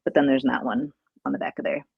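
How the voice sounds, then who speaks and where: A woman's voice: rumbling low, steady tone, fast, gravelly, breathy edge, no echo, phone-quality sound. A woman guest on a talk show, casually explaining things in an easygoing way. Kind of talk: casual chat.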